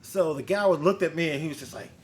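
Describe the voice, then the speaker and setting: Male host with a fairly high voice, a casual, profane storyteller who quotes the people in his story. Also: quick pace. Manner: blunt, profane, animated retelling with quoted dialogue. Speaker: bounty hunter and podcast host.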